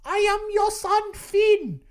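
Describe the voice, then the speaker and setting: A whiny, melodramatic young impostor, as a man puts him on with a German accent, pitched far above a normal speaking voice and swinging widely as he pleads. He speaks in stiff, overly formal phrases. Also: animated, takes it slowly, heavily acted. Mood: pleading, melodramatic. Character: young male impostor claiming to be a lost son, pleading.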